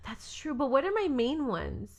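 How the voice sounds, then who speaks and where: A woman's voice: high voice, big pitch swings, normal speed. A young adult woman co-hosting a podcast in casual chat, chatty, laughing often and talking over her friend. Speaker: podcast co-host.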